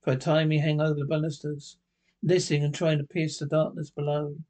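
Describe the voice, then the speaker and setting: A man's voice: a little high, monotone, darkish tone. A man reading a ghost story aloud, stumbling over words and restarting lines as he goes. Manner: halting reading with misreads and restarts. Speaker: narrator.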